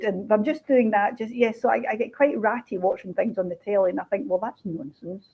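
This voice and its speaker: A woman, a crime author chatting casually in an interview, animated and laughing as she talks. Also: mid-range voice, fairly quick, husky. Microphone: video call. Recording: dull lo-fi video call audio.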